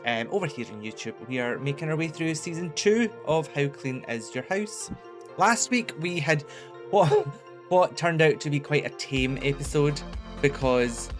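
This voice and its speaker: A man with a Scottish accent chatting casually as a reaction video host, with jokey asides and frequent laughs. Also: mid-range voice.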